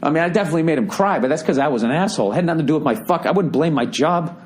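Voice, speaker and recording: A man's voice: on the high side, lively intonation, racing, husky. A middle-aged man with a Boston accent hosting a comedic podcast monologue, ranting profanely and incredulously. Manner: ranting, profane, incredulous, mock-singing quotes. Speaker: podcast host.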